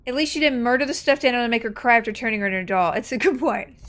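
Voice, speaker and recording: A woman's voice: a little high, racing. Chatty woman streaming a video game. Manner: chatty, animated storytelling, reacting to the game. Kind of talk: casual chat while gaming.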